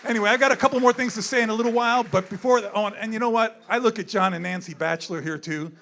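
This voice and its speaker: Older man in his sixties, high voice, candid off-the-cuff event speech, repeats himself. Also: fast talker, vocal fry, fairly bright tone, some chatter behind, a little hiss or hum. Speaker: zoo wildlife worker speaking at a gala. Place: indoor event room.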